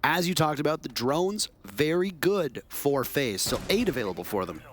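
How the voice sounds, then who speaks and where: Animated male esports caster. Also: on the high side, normal speed. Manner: excitable, rises sharply on big plays, jokes with co-caster. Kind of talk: play-by-play commentary.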